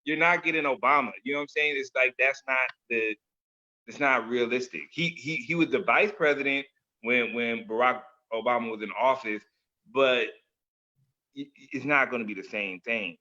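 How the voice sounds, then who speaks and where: Bright, lively man in casual chat. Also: mid-range voice, normal speed, highs cut off. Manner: animated storyteller, laughs often, says like and man a lot.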